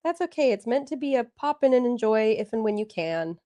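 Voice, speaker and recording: A woman's voice: fairly high pitch, lively intonation, a little fast, dark tone. Chatty, encouraging woman hosting a livestream. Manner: chatty and encouraging, reads viewer comments aloud. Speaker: livestream host. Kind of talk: casual livestream chat.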